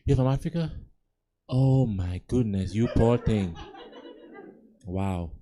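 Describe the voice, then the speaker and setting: A man's voice: lowish voice, a little mellow. A young man from Gambia doing a laid-back, conversational stand-up set on a comedy club stage, chuckling at his own jokes into a handheld mic.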